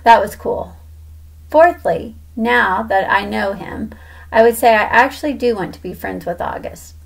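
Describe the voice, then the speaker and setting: A woman's voice: on the high side, lively intonation, normal speed, vocal fry. A woman reading a children's novel aloud in a casual first-person storytelling tone. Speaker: audiobook reader.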